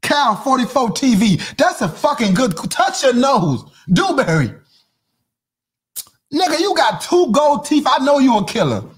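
A man hosting a podcast, ranting in comic commentary with a voice that swings wildly up and down. His tone is husky and a little breathy. He talks in a loud, profane rush and keeps dropping into mock voices and sing-song chants. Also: very high-pitched, sing-song, a little slow. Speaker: podcast host. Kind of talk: comedic commentary rant.

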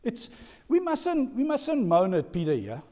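Male pastor, playful and animated, slow delivery, big pitch swings. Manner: animated, playful, code-switching. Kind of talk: sermon. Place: church. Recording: long church reverb.

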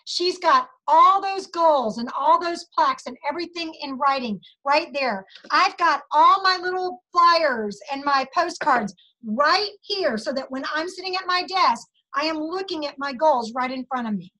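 Woman, high-pitched, enthusiastic, preachy, motivational sales meeting, video call. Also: animated, unhurried, few pauses, pushed and bright, low-quality recording. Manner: enthusiastic, preachy, calls out to listeners. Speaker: sales team leader. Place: home office.

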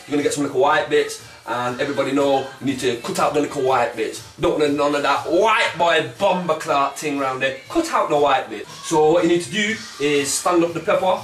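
A man hosting a comic cooking demonstration in swaggering street slang, with a pitch that keeps jumping around. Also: a bit bright. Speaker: comic cooking show host. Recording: echoey room, mic at a distance, faint music.

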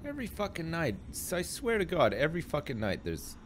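A man's voice: fairly high pitch, huge pitch swings, a little fast, background noise. A man streaming a game live, joking, swearing and reading game text aloud in casual commentary.

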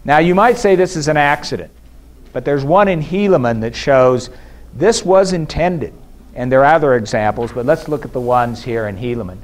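A man giving a measured, explanatory academic lecture at a conference, pausing now and then with fillers and restarts. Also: mid-range voice. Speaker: scholar giving a conference presentation. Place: conference hall.

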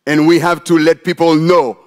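Animated pastor preaching a sermon. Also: male voice, a little high, moderate pace. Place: church sanctuary.

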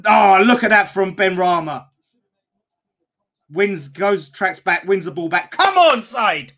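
A man reacting loudly to a football match on a fan watch-along, excitable and swearing. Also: high voice, slow pace. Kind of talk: live watch-along commentary.

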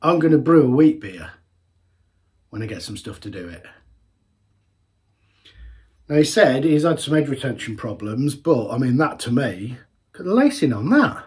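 Chatty homebrewer tasting beer. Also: male voice, mid-range voice, very animated, normal speed, pauses often, darkish tone. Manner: chatty and rambling, with self-corrections. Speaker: homebrewer reviewing beers. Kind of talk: casual beer-tasting vlog.

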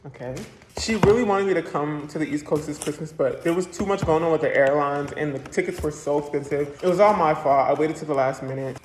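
A young man talks in a casual diary vlog, chatty and openly emotional. His voice sits a bit high. He records in a roomy, echoey space with a faint hiss behind him. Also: a little fast. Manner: chatty, emotional, exclaims and laughs often. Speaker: vlogger. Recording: roomy echo, faint noise.

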